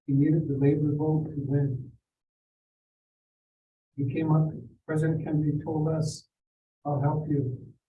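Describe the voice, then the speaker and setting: An older Seneca man telling personal stories at a community forum in a measured, reflective way. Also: a little high, flat delivery, narrow, tinny audio, a little hiss or hum. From Seneca Nation. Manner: measured, reflective, quotes people in acted voices. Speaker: forum speaker. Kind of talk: personal storytelling. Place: school district forum room. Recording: roomy, distant mic with faint ambience.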